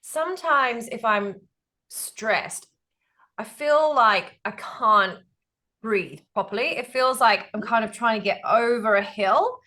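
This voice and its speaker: A woman co-host chats on a podcast in a slow, unhurried way. Her bright, forward voice carries thoughtful, hesitant fragments as she describes how things feel to her. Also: a little high, lively intonation. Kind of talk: casual podcast chat.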